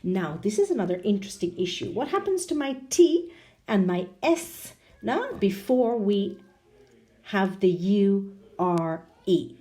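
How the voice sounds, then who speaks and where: A woman teaching English pronunciation online. She often tags her sentences with a questioning "no?" and spells out and exaggerates sounds slowly for learners. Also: mid-range voice, very animated, dark tone. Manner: ends many sentences with a questioning "no?".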